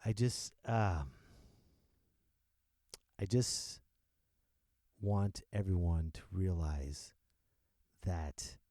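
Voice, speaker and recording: A man hosting a podcast, delivering an unscripted comedic rant in an animated, joking way and laughing often. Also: low-pitched, extremely slow, long pauses, no echo, studio quality. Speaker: podcast host. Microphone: close podcast microphone.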